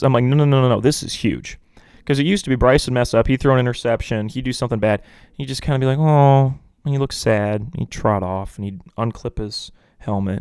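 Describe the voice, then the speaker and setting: A young man hosting a casual solo sports podcast, rambling and animated, sometimes mocking pundits in impressions. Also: medium pitch, no room sound, clean studio sound. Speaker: podcast host.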